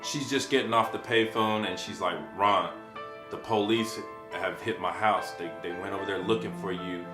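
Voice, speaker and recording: A man telling his own story in casual, slangy talk, unhurried and reflective, with frequent swearing. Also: lowish voice. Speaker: storyteller recounting his past. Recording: echoey room with faint guitar music. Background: faint guitar music.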